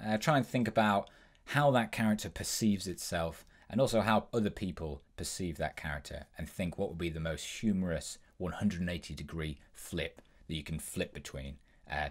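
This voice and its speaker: A young man hosting a tutorial, explaining voice impressions in a brisk, instructive way with the odd um. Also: low voice. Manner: brisk, instructive, with frequent ums.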